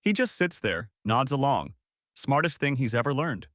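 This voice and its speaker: A man voicing a smug, combative young woman who brags and mocks in a sharp tone. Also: medium pitch, big pitch swings, normal speed, no echo, studio quality. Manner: mocking, boastful, sharp.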